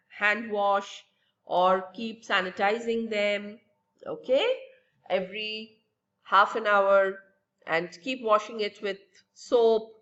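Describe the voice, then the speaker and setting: A woman's voice: medium pitch, a bit bright, lo-fi sound. A woman teacher giving a recorded science lesson to young children, asking and answering her own questions in a patient, lilting way.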